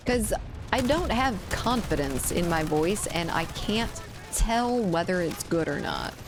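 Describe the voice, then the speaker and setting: A woman's voice: on the low side, expressive, unhurried, music in the background. Laid-back American woman streaming a shooter. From United States. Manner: chatty, laughs often, swears casually. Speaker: game streamer. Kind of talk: casual gaming stream chat.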